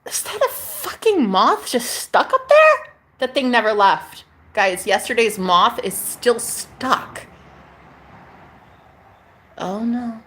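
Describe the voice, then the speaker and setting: A woman speaks to camera in a sassy, profane spiritual vlog, her voice slightly high and sing-song with a fairly bright tone. She takes her time, leaving long pauses, calling viewers "honey" and repeating phrases for emphasis in a casual spiritual monologue.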